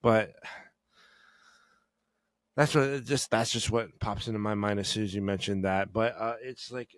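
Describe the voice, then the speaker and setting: A man with a low voice talking on a podcast, winding through his points with restarts and fillers. The sound is dry and close to the mic. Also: steady tone, unhurried, no echo. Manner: rambling, hesitant, restarts thoughts. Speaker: podcast co-host. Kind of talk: casual podcast chat.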